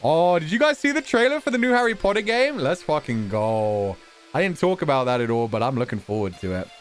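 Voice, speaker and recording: A man's voice: fairly high pitch, sing-song, brisk, faint music behind. A man streamer in a casual chat, reading out donation messages, playful with words and swearing casually.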